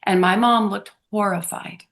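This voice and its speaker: A woman being interviewed as a podcast guest, telling personal stories in an earnest, heartfelt way that often drops into a hushed tone. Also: mid-range voice, fairly even intonation, moderate pace, gravelly. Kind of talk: conversational storytelling.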